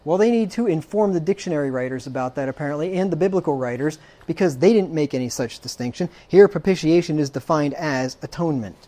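Emphatic preacher with dry sarcasm. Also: male voice, a little high, animated, quick pace, hardly any pauses, mellow. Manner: emphatic, frequent rhetorical "right?" checks. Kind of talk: sermon.

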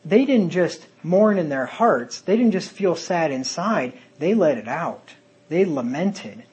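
A man preaching an earnest sermon and reading Bible verses aloud in old-fashioned wording. His voice is husky and sits a little high. He talks the way a pastor does from the pulpit. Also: animated, slow pace, a little mellow, poor audio.

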